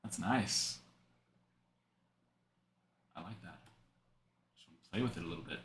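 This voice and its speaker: Young male card-break host, bright and animated, rambling chatter between card calls. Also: low-pitched, measured pace, pauses often, a little hiss or hum. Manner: chatty, rambling asides while reading out cards. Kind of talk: live card-break stream chat.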